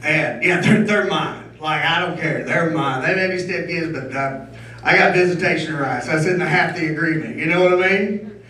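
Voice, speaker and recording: A middle-aged man doing a stand-up comedy set on stage, telling loud, punchy jokes with shouted bursts. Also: a little high, fairly quick. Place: comedy venue stage before a live audience. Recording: echoey room from far off.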